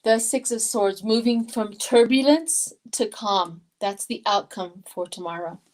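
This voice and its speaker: A woman's voice: medium pitch, unhurried, a little mellow, rough recording. An older woman from Colorado giving a live tarot reading in an emotional, chatty way, reading viewer comments aloud. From Colorado, USA. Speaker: tarot reader.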